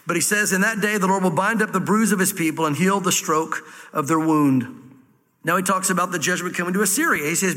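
A man's voice: high-pitched, expressive, quick pace, sharp tone, in a large hall. A man with a Southern American accent preaching a verse-by-verse sermon to a congregation, reading scripture and then explaining it with folksy asides. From Southwest Virginia, US. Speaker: pastor. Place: church room with audience.

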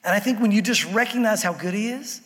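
High-pitched preacher guy, chatty sermon, acts out little quotes, big church reverb. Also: fast, fairly bright tone. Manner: conversational preaching with acted-out quotes. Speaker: pastor. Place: church sanctuary.

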